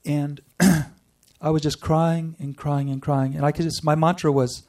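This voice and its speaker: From a distance, a man with a slightly high, darkish voice and little pitch movement shares a personal spiritual story as testimony to a group. He tells it earnestly, with pauses and restarts.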